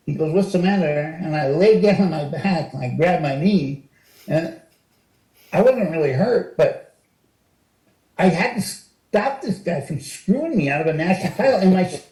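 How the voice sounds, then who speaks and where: A man in his sixties, an interview guest, telling stories in a lively, animated way and jumping higher when he acts out what was said. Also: moderate pace, long pauses. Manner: animated storyteller, acts out quotes with rising pitch. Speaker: interview guest, retired wrestler. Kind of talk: casual storytelling interview. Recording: roomy echo.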